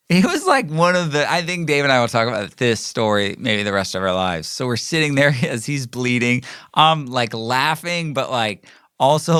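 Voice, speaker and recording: A middle-aged man, hosting a podcast and telling a rambling, animated story with lots of fillers and restarts. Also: medium pitch, clear, resonant tone, no echo, clean studio sound. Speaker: podcast host. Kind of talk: casual storytelling monologue.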